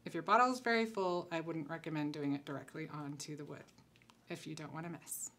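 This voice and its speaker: This concept designer talks a little fast in a low voice while demonstrating crafts at her table. The tutorial is casual: she chats easily and thinks aloud as she works. Slight background noise is audible.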